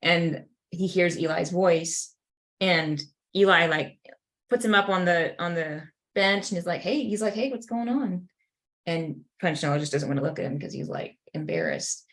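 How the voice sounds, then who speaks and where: A woman's voice: on the low side, moderate pace. A woman co-hosting a casual faith podcast, telling a story with lots of fillers and little acted-out voices. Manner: animated storyteller, many "like" fillers. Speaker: podcast co-host.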